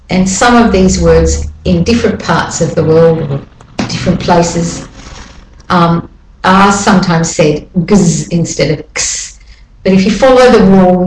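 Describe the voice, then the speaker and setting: A woman giving an English pronunciation lesson, saying each word slowly and deliberately twice for learners to copy. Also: on the low side, darkish tone, a little hiss or hum. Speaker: pronunciation teacher. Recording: echoey room.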